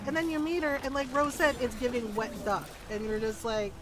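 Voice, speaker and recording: Streaming a game, a woman chats casually with a high-pitched, brisk voice, barely pausing. She's animated and laughs often, swears freely in her loose commentary, and slips into character voices.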